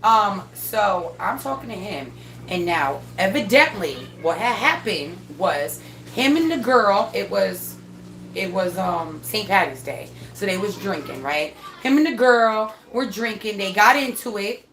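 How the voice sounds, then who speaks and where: A woman casually telling a story about her son, animated and swearing freely as she acts out what people said. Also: mid-range voice, unhurried. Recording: echoey room with faint noise.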